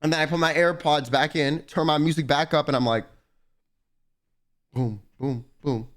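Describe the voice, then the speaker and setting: A male streamer telling a story in casual chat, rambling, animated and full of profanity. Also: a little high, normal speed.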